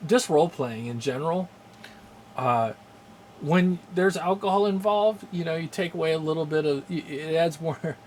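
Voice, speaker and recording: Hosting his game channel, a man with a fairly high voice makes casual live-stream chat, rambling, chuckling frequently and greeting viewers. There's slight background noise.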